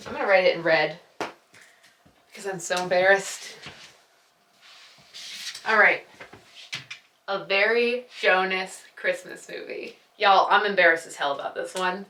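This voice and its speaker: A woman's voice: mid-range voice, measured pace, long pauses, bright, forceful tone, slight background noise. A young woman, chatting casually and gushing as she retells a film, acting out the lines. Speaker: vlogger. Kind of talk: casual chat. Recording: echoey room, a bit far from the mic.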